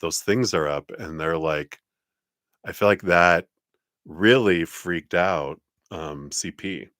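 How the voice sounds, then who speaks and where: A man with a very low voice gives a live tarot reading. He talks in a chatty, loose way, laughing often and leaning on fillers. The sound is close and dry. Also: takes it slowly, a bit bright, no room sound. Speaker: tarot reader.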